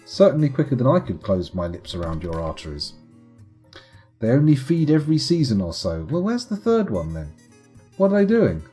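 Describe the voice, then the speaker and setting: Husky-voiced man, playful. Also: medium pitch, wildly swooping pitch, normal speed, dark tone, soft background music. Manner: playful, chatty, self-mocking. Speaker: streamer. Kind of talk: live gameplay commentary.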